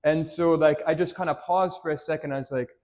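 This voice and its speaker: Priest preaching in a church, chatty storyteller, slightly high male voice, keeps asking "right?". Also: steady tone, brisk, darkish tone. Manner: conversational storytelling, frequent "right?" tag questions; addresses children directly with simple questions. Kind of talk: homily to a parish congregation.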